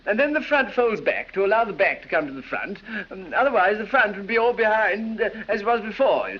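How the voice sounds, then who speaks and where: An actor playing a silly, foppish English aristocrat dandy who drawls, giggles and dithers, in 1930s film acting. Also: male voice, high-pitched, expressive, fairly quick. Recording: dull old film soundtrack with hiss.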